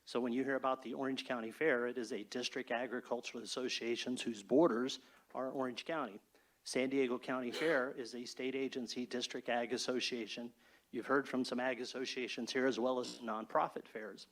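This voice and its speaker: A man who heads a state fair gives a brisk, orderly formal presentation to an advisory board. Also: mid-range voice, steady tone, fairly bright tone, a little hiss or hum. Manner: brisk, orderly, speech-like delivery. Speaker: state fair chief executive. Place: state board meeting room.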